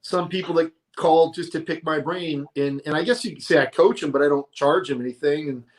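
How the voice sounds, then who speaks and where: A middle-aged man telling his career stories in a casual, animated interview, often quoting other people. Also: on the high side, a little fast. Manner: animated, tells stories with quoted voices. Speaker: guest, monster truck announcer.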